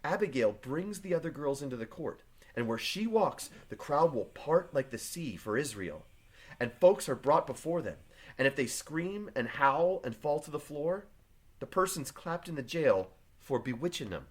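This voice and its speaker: A man voicing Elizabeth Proctor, a reserved farm wife, read quietly and plainly from a play. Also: a little high, big pitch swings, moderate pace. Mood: guarded. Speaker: teacher reading a play aloud. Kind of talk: reading play aloud to a class.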